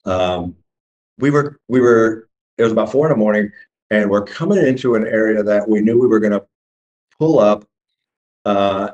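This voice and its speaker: Low-voiced middle-aged man, halting storyteller. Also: darkish tone. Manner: halting, full of restarts, acts out the dialogue. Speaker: eyewitness telling his story. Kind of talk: casual spoken storytelling. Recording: dull lo-fi recording.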